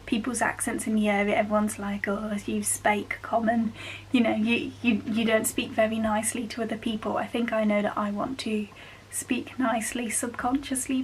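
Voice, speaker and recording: A woman's voice: fairly high pitch, a little hiss or hum, poor audio. Young Black Country woman, chatty explainer. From Black Country, England. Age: young adult. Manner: chatty, explanatory, carefully enunciating. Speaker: vlogger. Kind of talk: casual talk to camera.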